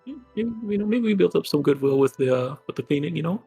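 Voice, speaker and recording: A man playing in a tabletop game, talking fast and tripping over his words. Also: on the high side, expressive, creaky, mellow, faint music behind. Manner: rapid, stumbling. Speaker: player.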